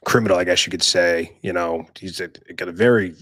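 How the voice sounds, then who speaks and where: Man, deep voice, dry close mic, exasperated rambling co-host. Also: fairly even intonation, brisk, fairly bright tone, dry recording. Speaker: podcast co-host. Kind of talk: casual podcast talk.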